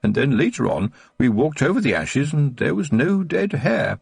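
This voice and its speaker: A man's voice: a little high, big pitch swings, moderate pace, vocal fry, darkish tone, breathy edge, no room sound, studio quality, faint music behind, pitched above the performer's own voice, full character voice. A man doing a frail, tearful old baron. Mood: joyful. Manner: trembling, wistful old man's voice. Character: frail elderly male baron, tearful and joyful.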